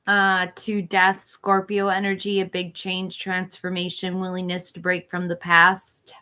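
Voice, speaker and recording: A woman's voice: lowish voice, monotone, measured pace, pushed and bright. A woman in her forties doing a live-stream tarot reading, listing card meanings in short phrases while losing her voice. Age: 40s. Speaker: tarot reader.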